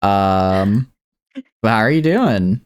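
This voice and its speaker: A man's voice: lowish voice, animated, takes it slowly, smooth. A man hosting a live stream, chatting casually in a playful, teasing way with frequent restarts. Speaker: streamer and host.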